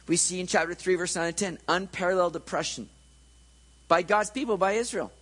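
A man's voice: sits high, brisk, fairly bright tone, breathy edge, rough recording. Conversational male preacher. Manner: conversational, joking, checks in with listeners. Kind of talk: sermon.

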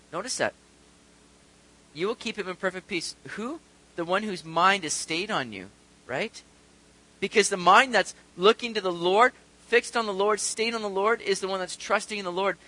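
A male pastor delivers a sermon in a high, bright voice. He reads scripture aloud and moves from quiet earnest stretches to loud, urgent bursts. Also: low-quality recording.

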